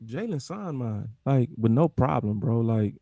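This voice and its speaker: A man's voice: medium pitch, lively intonation, measured pace, vocal fry, dark tone, no room sound. A man co-hosting a casual sports fan live stream, laid-back and slangy, often drawing out his words. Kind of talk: casual chat.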